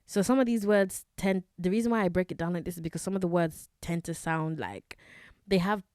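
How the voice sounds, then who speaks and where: Woman host, young, low voice, dry close sound, chatty with many fillers, casual solo podcast. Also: a little fast, darkish tone, no echo.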